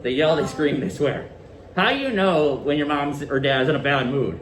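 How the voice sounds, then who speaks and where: Male teacher, lively up-and-down delivery, slightly higher voice, distant mic in roomy classroom. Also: moderate pace, a little hiss or hum. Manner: animated, questioning students. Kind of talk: classroom lesson.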